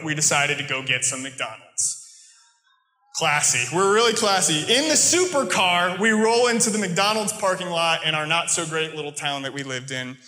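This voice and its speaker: Bright-voiced American pastor preaching. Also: male voice, a little high. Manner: conversational storytelling preaching. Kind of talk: sermon. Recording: echoey room sound.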